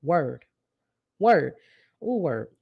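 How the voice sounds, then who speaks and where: A woman's voice: low-pitched, big pitch swings, drawn-out words, creaky, husky, no echo, narrow, tinny audio. A woman hosting a podcast, giving a preachy, motivational monologue with call-and-response lines and frequent laughs. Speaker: podcast host.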